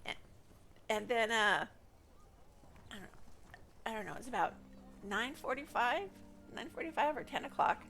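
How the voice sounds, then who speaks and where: A woman's voice: on the high side, lively intonation, unhurried, gravelly, long pauses, a bit bright. Woman, game streamer, casual rambling chat, allergy-stuffed voice, faint music behind. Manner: chatty and rambling, asides to her pet. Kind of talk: casual chat while gaming. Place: at home.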